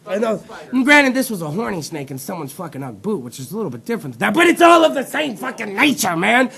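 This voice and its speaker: High-pitched gravelly man ranting profanely. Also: very animated, quick pace, few pauses. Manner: rowdy, swearing, loud outbursts. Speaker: talk show host. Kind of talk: profane comedic rant.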